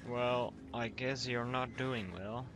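A jumpy young man talks over a horror game in a slow, mid-pitched voice. He frets and swears under his breath, then cracks jokes. Game noise runs clearly underneath. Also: fairly even intonation. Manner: nervous, jokey, swearing. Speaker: gamer. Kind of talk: horror game let's play commentary.

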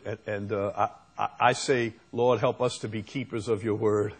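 A man preaching a sermon as pastor, slow and unhurried, rising to emphatic peaks. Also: on the low side, flat delivery, slightly rough.

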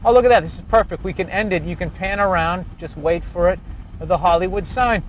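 A man's voice: high voice, brisk. A man, a comedian, ranting profanely and sarcastically about traffic while driving through city streets. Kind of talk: casual rant while driving.

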